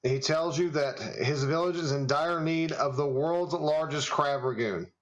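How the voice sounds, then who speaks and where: A man's voice: on the high side, measured pace, low-quality recording. A man running a tabletop game as game master, narrating scenes in a loose way, full of fillers and frequent chuckles.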